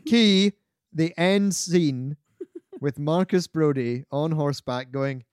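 A man co-hosting a casual film chat, animated and swearing as he acts out movie quotes. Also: on the high side, slow pace, clean tone, dry recording, studio quality. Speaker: podcast co-host.

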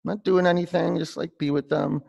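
A man's voice: fairly high pitch, steady tone, brisk, vocal fry, a little mellow, husky, lo-fi sound. A man leading a live-streamed yoga class, giving pose cues between rambling, laughing asides. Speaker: yoga teacher.

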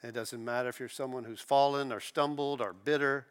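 A man preaching a sermon, earnest, rising to emphatic peaks and dropping soft, often repeating words as he starts a phrase. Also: medium pitch, steady tone, fairly quick, clean tone. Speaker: pastor.

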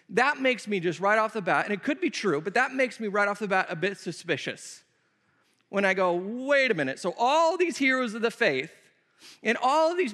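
A man's voice: sits high, a bit bright. A man preaching a conversational sermon, answering questions from the pulpit with emphatic, repeated phrases. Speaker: pastor. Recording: long reverb of a hall.

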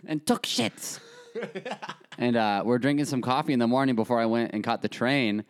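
A man's voice: medium pitch, normal speed, clean tone. A young man co-hosting a podcast, telling profane, jokey stories in casual chat. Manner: laid-back storyteller, profane, jokey. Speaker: podcast co-host.

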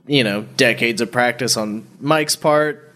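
A man, a magician guest in a casual chat, talking with many pauses and fillers and eager excitement. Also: medium pitch. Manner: hesitant, with many uh and you know, then eager and excited.

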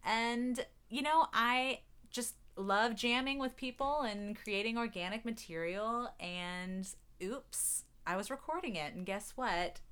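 A woman's voice: fairly low pitch, fairly bright tone, clear, resonant tone. A young woman from North Carolina with a mild Southern accent, co-hosting a podcast in playful, joking casual chat. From North Carolina, USA. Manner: playful, joking, laughs often. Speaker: podcast co-host, singer-songwriter.

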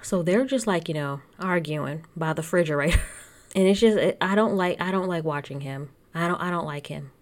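A woman talks through a reality TV episode in a loose, chatty way, tossing in sarcastic asides and laughter. Her voice sits somewhat low for a woman. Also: darkish tone. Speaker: reality TV recapper. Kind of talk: casual recap chat.

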